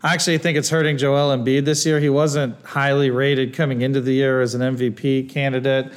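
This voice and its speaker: A man's voice: medium pitch, level tone, brisk, smooth. A man co-hosting a podcast, talking things through in a thoughtful, hedging, curious way. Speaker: podcast co-host. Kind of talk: casual chat.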